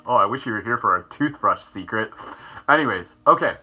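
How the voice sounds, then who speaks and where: A man's voice: lowish voice, expressive, normal speed, pushed and bright, husky. A man hosting a live morning meditation stream, guiding face exercises in a playful, upbeat way and laughing often. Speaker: host.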